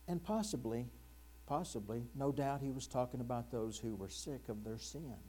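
An earnest male pastor delivers a sermon with a mellow, warm tone, questioning his congregation directly. When he quotes verses he slows and sinks into a hushed near-whisper. A low mains hum runs under the recording. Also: animated, slightly rough.

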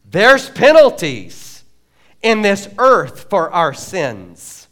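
A man preaching a sermon in a church, animated and jokey, acting out quotes. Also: sits high, drawn-out words. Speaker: pastor. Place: church sanctuary.

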